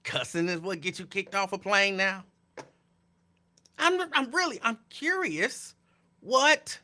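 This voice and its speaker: A man hosting a casual live talk show from home, reacting with animated disbelief to viewers' comments. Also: high voice, unhurried. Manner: animated, incredulous, talks back to viewers' comments. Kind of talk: casual live-stream chat.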